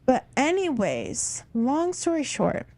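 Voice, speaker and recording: A young woman co-hosting a podcast, telling a story in animated casual chat, swearing often and saying "like" a lot. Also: high-pitched, slow. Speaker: podcast co-host.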